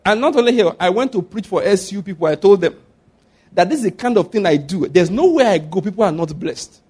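A middle-aged man with a Nigerian accent preaching a sermon as a pastor, animated and laughing at his own stories. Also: high voice, brisk, slightly rough.

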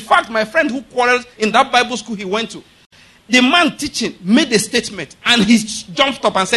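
A man's voice: very high-pitched, a little fast, pushed and bright, breathy edge. A man preaching a sermon, emphatic and direct, often asking his listeners rhetorical questions.

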